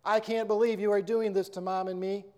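A man's voice: sits high, level tone, brisk, dark tone, close to an everyday voice. A man voicing a hurt, angry teenage daughter, sobbing and accusing.

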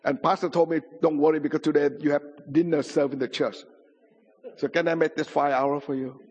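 Pastor testifying in an echoing hall. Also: male voice, fairly high pitch, level tone, brisk, a little mellow, slightly rough. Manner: non-native English, simple grammar, dramatic retelling. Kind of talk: sermon testimony. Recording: muffled sound in a reverberant hall.

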